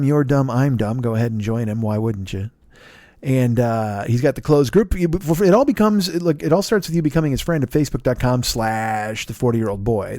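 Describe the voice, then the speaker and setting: A man's voice: medium pitch, dark tone, no room sound, clean studio sound. Sleepy, profane man rambling through plugs. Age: 40s. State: tired and yawning. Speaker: podcast host. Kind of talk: solo comedy podcast plug segment.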